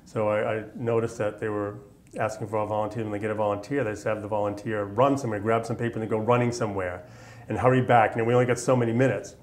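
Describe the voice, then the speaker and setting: A man's voice: fairly low pitch, fairly even intonation, quick pace, darkish tone. A man in his fifties from Massachusetts, telling his army memories in an oral history interview, rambling along with many fillers. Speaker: veteran interviewee.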